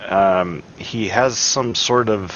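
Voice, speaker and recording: A man's voice: fairly low pitch, slow pace, fairly bright tone, slight background noise. A man voicing an awkward young woman adventurer who speaks in a hesitant, unsure way. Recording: dull lo-fi mic.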